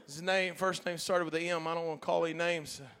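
A man preaching a Pentecostal sermon as pastor, talking in a folksy, colloquial way and swinging from quiet asides to loud shouted preaching. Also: on the high side, steady tone, fast talker. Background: faint congregation.

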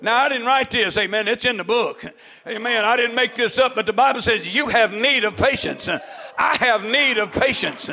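A male pastor, preaching a fervent shouted sermon to his congregation, peppered with "amen" and "uh". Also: very high voice, normal speed, gravelly, slight background noise, poor audio. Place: church with congregation.

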